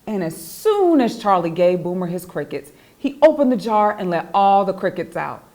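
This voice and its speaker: A woman reads her own children's storybook aloud in an expressive, animated way. Her voice sits at a middle pitch but swings widely, rising and falling to carry the story along. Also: normal speed. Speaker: author reading her own children's book.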